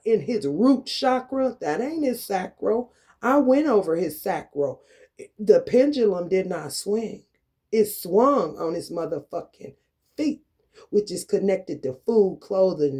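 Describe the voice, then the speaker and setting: Ranting angrily at the camera, a male vlogger is confrontational and swears a lot. His volume swings from loud outbursts down to low muttering.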